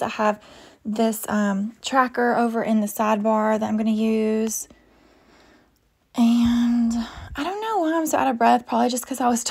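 A young woman talks casually in a plan-with-me vlog, her voice carrying a gravelly, fry-laden texture. She rambles along in a loose, easygoing way, full of fillers and restarts, at an ordinary middle pitch. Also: a little mellow. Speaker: planner vlogger.

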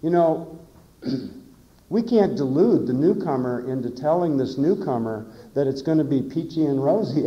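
A man's voice: medium pitch, expressive, unhurried. A middle-aged man giving a plain-spoken, earnest personal testimony at a recovery meeting. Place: conference hall. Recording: echoey dull conference tape.

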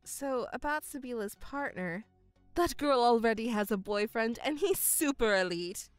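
A scheming middle-aged mother who sneers and gloats over her elder daughter, as a woman acts her out, her voice fairly high and swooping all over. She talks down with mocking, condescending lines, recorded close and dry. Faint music plays behind her. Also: expressive, normal speed, clear, resonant tone, dry recording, lightly acted. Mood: gloating. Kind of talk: voiced story narration.

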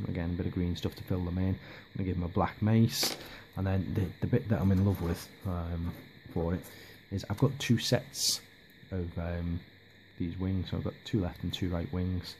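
A man's voice: deep voice, creaky, darkish tone, a little hiss or hum. A man giving a casual, rambling hobby update, hesitant with lots of ums and restarts. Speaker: miniature hobby vlogger.

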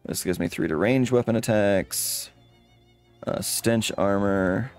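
A man's voice: lowish voice, takes it slowly, faint music behind. A man casually commenting while playing a comedy game, reading the on-screen text aloud as he goes. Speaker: let's play host.

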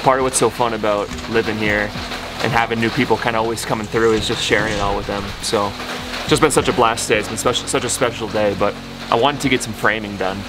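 A man talks through his building work on a farm in an easygoing, chatty vlog voice, pitched right in the middle. Light music plays underneath him. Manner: easygoing, teasing. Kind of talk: casual vlog narration. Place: building site under a metal roof, rain outside.

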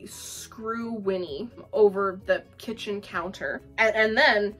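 A woman's voice: mid-range voice, fairly even intonation, slow pace, fairly bright tone, faint music behind. A young woman giving a casual, profane book review, full of fillers and laughter.

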